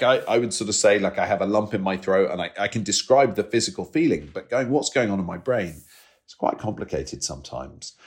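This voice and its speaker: A man talking candidly as an interview guest, rambling, trailing off and laughing often. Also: low voice. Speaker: podcast guest. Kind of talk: conversational interview.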